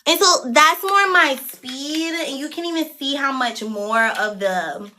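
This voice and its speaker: An excitable, chatty woman hosts a casual beauty livestream from home, slangy and swearing freely. Her voice is high and bright, with a faint hiss behind it. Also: unhurried. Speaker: beauty vlogger hosting a livestream.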